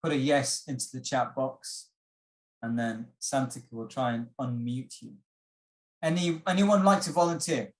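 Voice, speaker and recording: A workshop instructor on a video call, teaching an English test-prep session in a patient, inviting, slow and measured way. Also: medium pitch.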